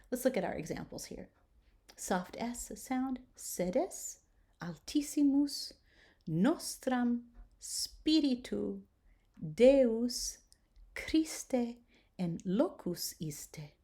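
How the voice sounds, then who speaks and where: A woman teaching choir singers how to pronounce Latin consonants, patiently modelling each word slowly for them to repeat. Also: medium pitch, dark tone. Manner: clear, patient, models words slowly for repetition. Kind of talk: instructional lesson with sung and spoken examples.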